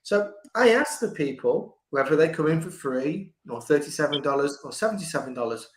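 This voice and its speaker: An older man, a book coach, talking in a conversational interview, lively and restarting his sentences, sometimes acting out quoted voices. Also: fairly high pitch, brisk. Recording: echoey room.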